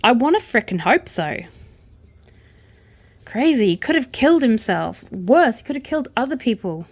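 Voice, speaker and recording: A woman's voice: a little high, big pitch swings, moderate pace, breathy edge. A young adult woman with an Australian accent, reading crime news aloud and breaking off for sarcastic asides. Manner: sarcastic asides between read-out news items.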